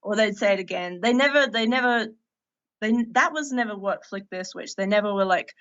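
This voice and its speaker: A woman from Australia, a podcast guest, telling stories in a lively, casual way. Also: mid-range voice, fairly quick, muffled recording. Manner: lively storytelling with laughs. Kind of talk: casual interview chat.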